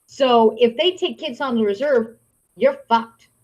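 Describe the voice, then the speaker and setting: Slightly high-pitched and darkish in tone, a woman unhurriedly rants on her podcast-style live stream, heated, sarcastic and profane. The audio is muffled.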